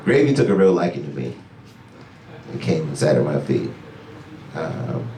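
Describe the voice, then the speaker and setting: A male stand-up comedian telling a story to a club audience, with animated delivery that jumps into high, excited voices. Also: moderate pace, a little hiss or hum. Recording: echoey club sound from far off.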